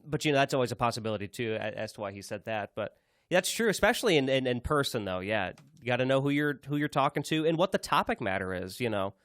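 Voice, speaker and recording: A podcast co-host with an expressive, medium-pitched, fairly bright voice chats casually at a quick pace, rambling with many restarts and fillers. The sound is studio quality with no room sound.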